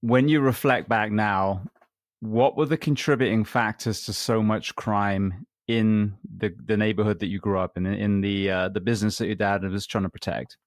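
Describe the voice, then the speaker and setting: A man hosting a podcast interview, asking questions and telling a backstory in a thoughtful, measured way with frequent ums. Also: fairly low pitch, steady tone, no echo, clean studio sound. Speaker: podcast host.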